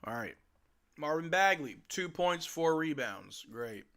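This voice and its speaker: Young male fan streamer, bright, forward voice, emotional live play-by-play with chat banter. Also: on the high side, animated, a little slow. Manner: emotional, calls plays while chatting with viewers. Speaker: fan streamer hosting a game watch-along.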